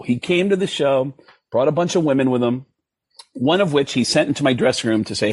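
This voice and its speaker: Husky animated storytelling comedian. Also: male voice, a little fast, dry recording. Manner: animated, jumps high when quoting himself. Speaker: guest comedian. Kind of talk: casual storytelling.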